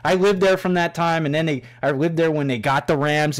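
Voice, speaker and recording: A man's voice: a little high, fairly quick. A middle-aged man hosting a podcast, telling rambling stories in a casual, constantly swearing monologue. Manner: profane, storytelling, swears constantly. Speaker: podcast host.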